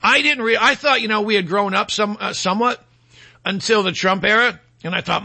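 Speaking a little fast, the radio host has a high-sitting, gravelly, bright voice with a forceful tone. His opinion monologue is combative and mocking, and he puts on voices to quote those he argues against.

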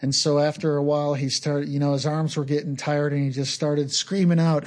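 Male pastor, slightly high voice, earnest, conversational sermon delivery. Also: flat delivery, a little mellow. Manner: slow, earnest, conversational preaching.

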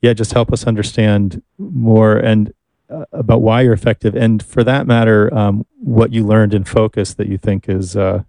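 A man's voice: on the low side, steady tone, moderate pace, gravelly, dark tone, no echo. A man hosting an interview, asking questions in a thoughtful, hesitant way. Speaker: interview host.

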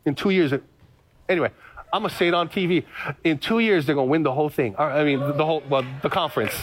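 Male pastor, high voice, middle-aged, animated sermon, joking, repeats phrases. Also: fast talker, crowd noise, noisy background.

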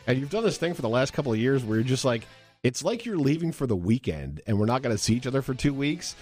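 A man's voice: mid-range voice, big pitch swings, fast, darkish tone. A man in casual on-air banter, teasing and playful as he needles his partner. His voice rises and falls freely, full of life. A faint bed of music sits behind him. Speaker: radio co-host.

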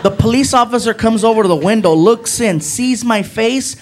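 A young man with a high, light voice tells a rambling stand-up story, jumping into excited impressions of his friends and a police officer. The live club recording is thick with background noise. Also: moderate pace. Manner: animated, acts out friends and a cop in raised voices. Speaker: stand-up comedian.

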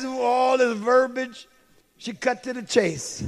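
Pastor, male, fervent sermon delivery; high and gravelly, husky edge. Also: measured pace. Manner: fervent preaching, swings from shouts to low asides.

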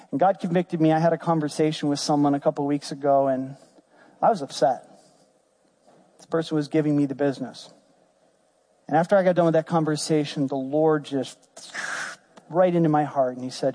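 A man's voice: on the high side, steady tone, moderate pace, long pauses, mellow. A man preaching a sermon as pastor, earnest and emphatic.

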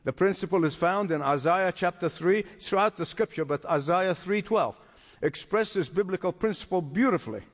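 Male preacher, high and animated delivery, emphatic sermon style, long hall echo. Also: moderate pace. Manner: emphatic, repeats phrases for stress.

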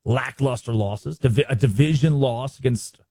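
A man's voice: mid-range voice, normal speed, mellow, breathy edge, no echo. A man hosting a sports show, giving emphatic, sarcastic commentary and acting out quotes.

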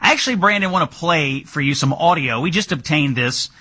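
Lively, bright-voiced male host. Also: fairly high pitch, fairly quick, husky. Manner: animated, pointed questioning. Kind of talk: political talk show hosting.

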